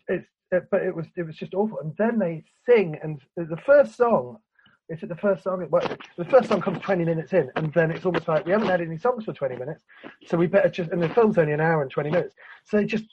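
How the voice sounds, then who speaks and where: A man's voice: high-pitched, a little hiss or hum. A man ranting in casual chat, laughing and swearing as he picks apart an old cartoon film. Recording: lo-fi recording.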